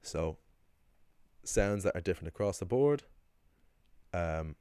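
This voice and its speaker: An Irish teacher explains language points in a casual lesson, his very deep voice dark, clear, resonant, and expressive. He talks in a rambling, chatty way with frequent ums and restarts, recorded close and dry with no room sound.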